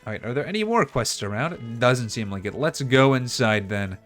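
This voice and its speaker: A man's voice: mid-range voice, animated, normal speed, fairly bright tone, faint music behind. Chatty man streaming a game. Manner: chatty, self-mocking. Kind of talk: casual gameplay commentary.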